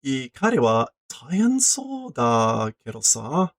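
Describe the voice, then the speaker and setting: A man reading a curious, chatty teenage schoolboy's lines aloud in careful, halting learner's Japanese. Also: medium pitch, very animated, no room sound, studio quality, exaggerated voice.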